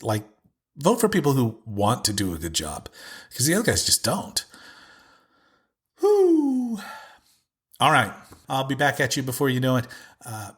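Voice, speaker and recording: A man's voice: medium pitch, a bit bright, husky. A middle-aged man hosting his own podcast, talking in a casual, rambling monologue full of restarts and asides. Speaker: podcast host.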